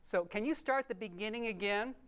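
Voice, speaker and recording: Animated male piano teacher coaching a student. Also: sits high, fairly quick. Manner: encouraging, animated, restarts and fillers, sings rhythms. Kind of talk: remote masterclass coaching. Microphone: remote livestream mic.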